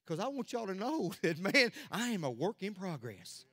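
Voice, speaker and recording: Impassioned pastor, high voice. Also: male voice, big pitch swings, moderate pace, few pauses, husky, no echo, studio quality. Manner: impassioned preaching that swings from loud declarations to hushed near-whispers. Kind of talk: sermon. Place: church sanctuary.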